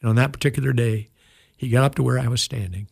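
Gravelly older man telling a story. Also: mid-range voice, fast, no room sound, studio quality. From United States. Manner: earnest, emotional storytelling. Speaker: pastor and guest. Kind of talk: storytelling in an interview.

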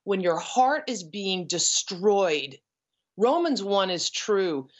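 A middle-aged woman shares her story as a guest, earnest and emotional, with frequent pauses. Her voice sits in a middle pitch, and the audio is dull and lo-fi. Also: sing-song. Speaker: guest, ranch founder. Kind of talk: personal testimony.

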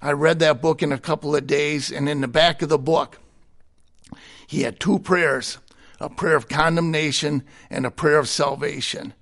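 A man's voice: fairly high pitch, fairly even intonation, normal speed, fairly bright tone. Plainspoken middle-aged man telling his story. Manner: plainspoken, candid, chuckles between anecdotes. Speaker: guest sharing his testimony. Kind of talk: personal testimony in conversation.

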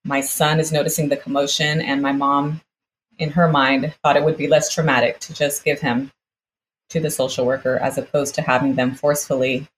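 A woman guest with an extremely low voice tells a personal story at normal speed, her delivery flat. She retells it vividly, acting out the exchanges she describes. The audio is poor, with a little hiss or hum.

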